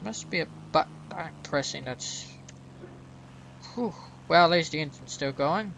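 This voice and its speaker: American guy doing gameplay commentary, kinda gravelly, a bit higher voice, rambles and laughs at himself. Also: measured pace, fairly bright tone, a little hiss or hum, poor audio. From United States. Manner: rambling, self-mocking, chuckles at his own mistakes. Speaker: gaming channel host.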